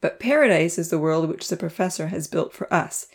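A woman voicing a calm, kindly grown man who talks slowly and heavily in a storybook reading. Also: on the low side. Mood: grave. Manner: slow, heavy, measured speech.

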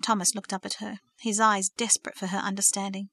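A woman narrates a story in an earnest, steady manner. Her voice is bright, and the recording is close and dry with no room sound. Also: mid-range voice, brisk, gravelly, few pauses, no echo. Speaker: audiobook narrator. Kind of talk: scripted narration.

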